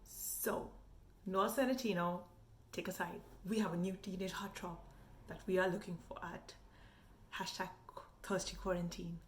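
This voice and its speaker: A woman's voice: lowish voice, unhurried, long pauses. Frank young woman with light Indian accent. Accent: light Indian English. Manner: animated and frank, with frequent "like" fillers. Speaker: vlogger reviewing a TV show. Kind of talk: casual opinionated review.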